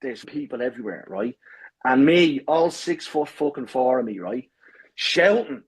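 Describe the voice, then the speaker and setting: A man telling an animated story in casual chat, swearing freely and acting out voices. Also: mid-range voice, normal speed, breathy edge. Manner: animated, swears a lot, acts out shouting. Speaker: podcast guest.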